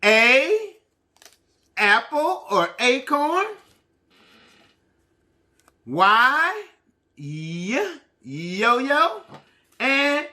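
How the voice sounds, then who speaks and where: A man teaching a preschool lesson, prompting the children in an animated, sing-song call and response. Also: very high voice, extremely slow, pauses often.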